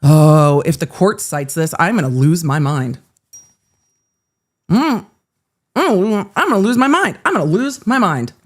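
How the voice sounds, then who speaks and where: A woman's voice: lowish voice, animated, unhurried, pauses often. A woman hosting a live-streamed legal commentary show, reading court filings aloud and breaking in with sarcastic, exasperated asides.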